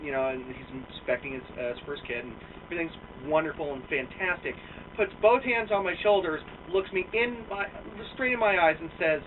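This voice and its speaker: A man's voice: fairly high pitch, slight background noise. A man delivering a profane, exasperated political rant on a vlog, recorded with a muffled, phone-like sound from a distance. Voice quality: profane, animated, exasperated ranting. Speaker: vlogger.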